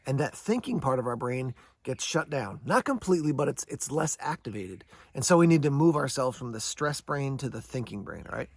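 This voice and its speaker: A man's voice: medium pitch, sing-song, a little fast, hardly any pauses, slightly rough, no echo. A man hosting a survival channel, talking casually to camera and explaining things step by step, answering questions he imagines from his viewers. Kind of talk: casual instructional talk to camera.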